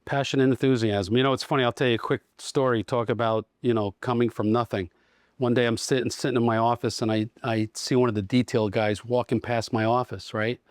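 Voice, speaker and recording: A man's voice: medium pitch, steady tone, brisk, no room sound, studio quality. A middle-aged man, a dealership general manager, talking casually in a podcast interview and telling stories with acted-out dialogue. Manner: storytelling, acts out quoted dialogue.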